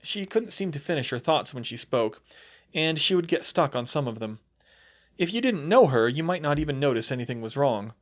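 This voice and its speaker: A man reading fan fiction aloud as an audiobook. He narrates in steady storytelling with a lively, moving pitch. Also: brisk, muffled recording. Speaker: audiobook reader.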